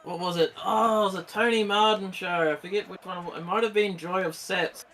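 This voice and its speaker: A man talking casually over a hockey gameplay stream. His voice sits a little higher than most men's, and he rambles, circles back and laughs easily as he goes. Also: fairly even intonation, fairly quick, a bit bright, slight background noise. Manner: rambling, restarts often, giggly. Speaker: streamer co-host.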